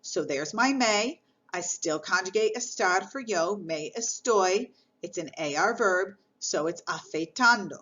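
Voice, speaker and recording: A woman's voice: mid-range voice, expressive, unhurried, fairly bright tone, dull audio. A woman teaching a Spanish grammar lesson, explaining patiently step by step.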